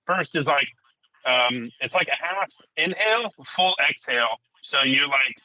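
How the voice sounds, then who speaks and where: A man from a group call thinks aloud with many fillers. His voice is very bright and dry. The call sound is dull and lo-fi. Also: on the high side, animated, a little slow, no echo. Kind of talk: casual chat on a call.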